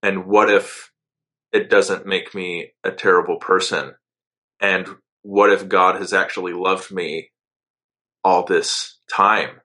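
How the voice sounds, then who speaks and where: A young man earnestly telling a personal faith story, halting and repeating himself. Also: low voice, little pitch movement, pushed and bright. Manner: earnest, halting with restarts, rising intensity when angry. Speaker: storyteller sharing a personal religious experience. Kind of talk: personal testimony.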